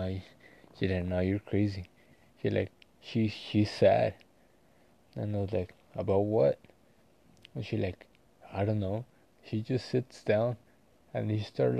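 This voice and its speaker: A man talking casually in a personal vlog, rambling and halting with many fillers and restarts. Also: on the low side, creaky, mellow. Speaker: vlogger.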